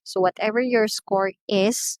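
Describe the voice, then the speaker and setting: A woman's voice: mid-range voice, fairly even intonation, measured pace, no echo, rough recording. A woman with a Filipino accent, an English teacher giving a recorded lecture, stressing words to show pronunciation and slipping into Tagalog asides.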